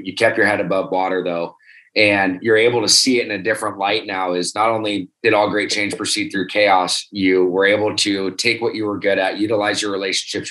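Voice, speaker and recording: A man's voice: lowish voice, a bit bright, rough recording. A man co-hosting an interview show, summing up his guest's story earnestly in long questions. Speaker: podcast co-host. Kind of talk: casual interview chat.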